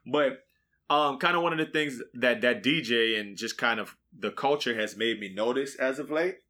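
A man's voice: medium pitch, moderate pace, pushed and bright. A young man co-hosting a podcast, telling stories in loose, slangy casual chat. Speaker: podcast co-host.

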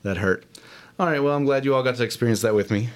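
A man's voice: mid-range voice, fast talker, a little hiss or hum. A man hosting a casual solo show, rambling and self-deprecating with many fillers. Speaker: podcast host. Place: home studio, alone.

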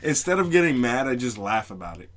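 A brash young man riffing on a casual podcast. His voice is bright and forceful, and it swings widely in pitch as he throws out crude, deadpan jokes. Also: a little fast. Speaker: podcast co-host. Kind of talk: crude joking banter.

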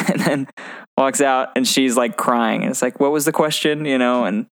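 Man, podcast co-host, casual chat, smooth clear voice, dry close sound, animated, laughs a lot. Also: mid-range voice, normal speed, dry recording. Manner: animated, laughs often, retells scenes with excitement.

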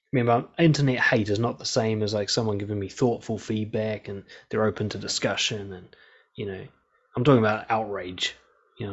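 A man in the middle pitch range talks bluntly and swears freely in a casual, opinionated monologue. The sound is dull and lo-fi. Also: a little mellow.

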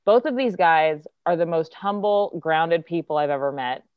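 A woman's voice: sits low, lively intonation, normal speed, smooth, no room sound, phone-quality sound. A woman actress, a guest telling a casual, chatty story and acting out the quotes. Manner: chatty, lots of filler likes, acts out quotes.

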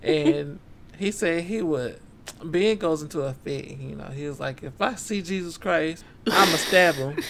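Bright gravelly-voiced man retelling a story. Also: fairly high pitch, a little slow, a little hiss or hum. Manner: laid-back slangy retelling, acts out characters. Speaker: podcast co-host. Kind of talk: casual book-club podcast chat.

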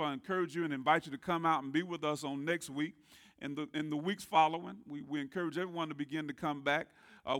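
A man preaching a sermon as pastor, calling on the congregation to answer back and swinging from quiet murmurs to loud rising shouts. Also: a little high. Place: church sanctuary.

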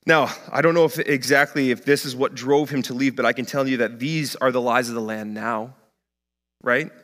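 A man's voice: medium pitch, steady tone, moderate pace, fairly bright tone, long reverb tail. A male pastor preaching a sermon in a conversational way, often saying "like".

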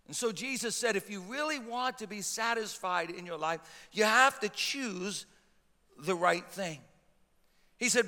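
A man's voice: high-pitched, expressive, unhurried, pushed and bright. A man pastor preaching a sermon with impassioned emphasis and frequent stammered restarts. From Italian heritage. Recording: long hall reverb.

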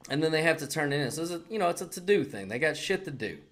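A man, co-hosting a casual podcast chat, animated and profane, acting out other people's lines as he tells a story. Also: on the high side, very fast. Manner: animated storyteller, heavy swearing, acts out quotes. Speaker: podcast co-host.

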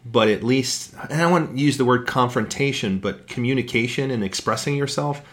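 A man's voice: mid-range voice, normal speed, fairly bright tone. A man in casual discussion, reflecting on a point and repeating words as he builds it.

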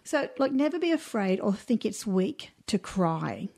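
Woman podcast co-host, mid pitch, candid and heartfelt, loose with ums and restarts. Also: sing-song, measured pace, creaky, darkish tone, husky. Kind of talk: casual podcast chat.

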